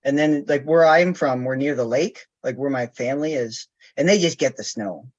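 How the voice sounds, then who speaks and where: A man's voice: mid-range voice, moderate pace. A man calling in to a live chat, telling a story in a chatty, giggly way over a video call. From Canada. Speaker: caller. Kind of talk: casual chat. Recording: dull lo-fi call audio.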